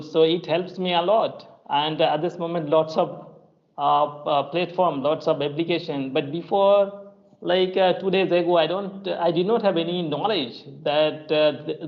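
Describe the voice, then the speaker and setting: A man's voice: fairly high pitch, muffled recording. A man with an Indian English accent, an English tutor chatting casually and hesitantly, with many fillers and restarts. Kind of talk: casual conversation practice.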